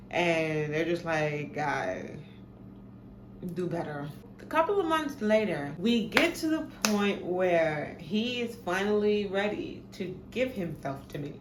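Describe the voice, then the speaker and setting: A young adult woman, animatedly telling a profane personal story in a casual storytime. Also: fairly low pitch. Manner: animated, profane, dramatic retelling. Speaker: storytime vlogger. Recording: echoey room, faint background noise.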